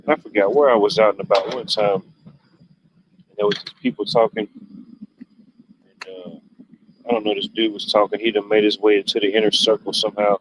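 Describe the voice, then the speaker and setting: A man's voice: fairly low pitch, level tone, normal speed, pauses often. A man hosting a livestream, rambling through stories in a laid-back, casual way with loose, drawling turns of phrase. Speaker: livestream host. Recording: dull lo-fi stream audio, faint noise.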